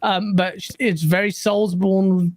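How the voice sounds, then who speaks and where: A man's voice: high voice, flat delivery, unhurried, darkish tone, no echo. A man co-hosting a casual gaming chat show, joking and rambling and swearing freely. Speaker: co-host.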